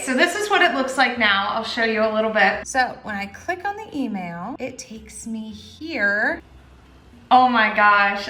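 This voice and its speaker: Excitable young woman vlogging at home. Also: fairly high pitch. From Wisconsin, US. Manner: excitable, exclaiming. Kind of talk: casual vlog. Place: home kitchen. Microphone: laptop or phone camera mic.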